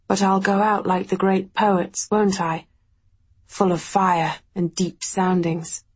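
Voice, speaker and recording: Woman reader doing a dying charmer: weak, husky, unhurried, softly teasing. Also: mid-range voice, level tone. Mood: wistful. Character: dying gentle charming man, weak-voiced.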